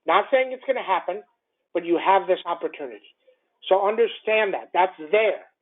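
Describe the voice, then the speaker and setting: A man's voice: high voice, animated, moderate pace. A man hosting a morning trading call, ranting bluntly and profanely, often stumbling and repeating himself. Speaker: trading show host. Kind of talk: morning market commentary. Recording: narrow phone-like audio.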